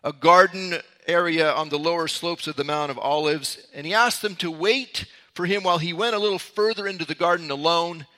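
A man's voice: on the high side, brisk, hardly any pauses, sharp tone. A man leading a Bible study, opening with a playful mock newscaster voice before earnestly retelling a gospel passage. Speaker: Bible teacher.

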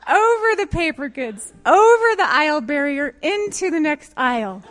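A pastor's wife telling a funny story in a sermon, laughing often as she speaks. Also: sits high. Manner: lively and expressive, quick to giggle. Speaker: pastor's wife giving a talk.

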